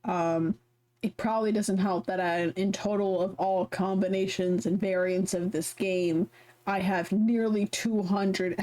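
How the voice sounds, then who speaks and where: A young adult woman streams a game, chatting in a giggly, rambling, self-deprecating way and reading the story aloud. Her mid-range voice is mellow, with a steady tone and measured pace.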